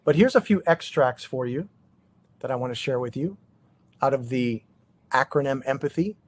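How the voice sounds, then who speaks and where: At a normal speed and medium pitch, a middle-aged chiropractor runs a casual practice seminar for his colleagues. His delivery is animated and conversational, full of rhetorical questions and frequent restarts, with a little hiss or hum on the recording.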